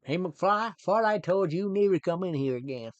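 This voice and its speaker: A taunting young bully, put on by a man in a put-on Texan accent. The voice jumps higher and louder than his normal speech. The recording is dry and close. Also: lively intonation, normal speed, dry recording, dull audio. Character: bullying young male film tough.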